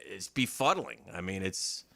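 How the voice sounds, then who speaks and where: A man's voice: sits low, big pitch swings, measured pace, gravelly, bright, forceful tone. A man hosting a sports radio show, chatting loosely about a football game and often repeating words as he goes. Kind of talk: casual sports talk. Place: radio studio.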